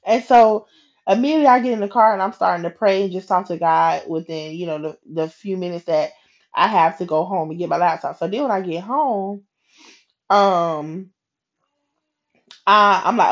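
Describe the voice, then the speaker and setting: A woman hosting a podcast, telling a personal faith story in a chatty, animated way and acting out what people said. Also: medium pitch, moderate pace, dull audio. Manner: animated and chatty, slips into quoted voices, laughs. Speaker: podcast host. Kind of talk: casual faith storytelling monologue.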